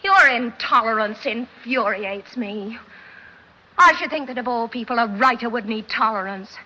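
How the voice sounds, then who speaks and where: An actress in a classic film playing a spirited woman who lectures a stubborn professor, in a crisp, imperious mid-Atlantic accent. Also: fairly high pitch, expressive, normal speed, bright, forceful tone, lo-fi sound. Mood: scolding. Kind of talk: classic Hollywood film acting.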